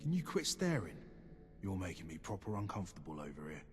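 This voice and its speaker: An actor with a British accent playing a curt, prickly ghoul ammo merchant in video game dialogue, with short, guarded replies. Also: male voice, sits low, sing-song, brisk, soft background music.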